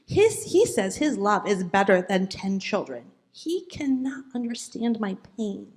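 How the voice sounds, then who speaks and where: A woman's voice: medium pitch, very animated, unhurried, a little mellow. A woman reading as a heartbroken woman praying. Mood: anguished. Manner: earnest, pleading diary reading. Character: grieving childless woman writing to God.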